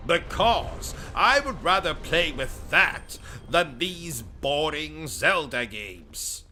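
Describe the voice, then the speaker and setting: A man's voice: fairly high pitch, very animated, slow, hardly any pauses, bright, forceful tone, slight background noise. Pompous, ranting British man. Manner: pompous, insulting, over-the-top rants. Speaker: gaming channel host. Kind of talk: comedic livestream commentary.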